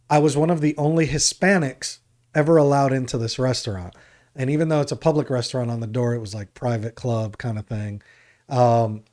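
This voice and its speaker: Guy from Jersey, podcast co-host, rambling casual storyteller, middle-pitched voice. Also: a little mellow. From New Jersey, USA. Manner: rambling storyteller, acts out other people's lines.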